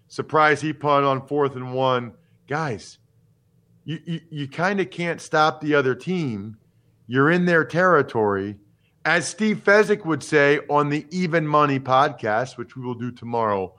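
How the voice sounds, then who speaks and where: With a clean-toned, mid-range voice, a man in his forties who used to play pro football hosts a sports podcast. His talk is casual, animated and strongly opinionated, leaping between topics.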